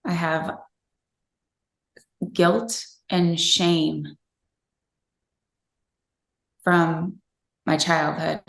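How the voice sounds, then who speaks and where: A woman's voice: sits low, steady tone, extremely slow, vocal fry, pauses often, a bit bright. A woman in her thirties, interviewed, earnestly and reflectively telling a personal story from her own family life. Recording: roomy echo.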